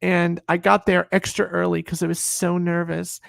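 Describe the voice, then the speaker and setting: A woman in her fifties from upstate New York, a guest telling an animated, salty anecdote and acting out other people's lines. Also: fairly low pitch, moderate pace, vocal fry, dry recording. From Sullivan County, New York, USA. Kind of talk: anecdotal storytelling in a video chat.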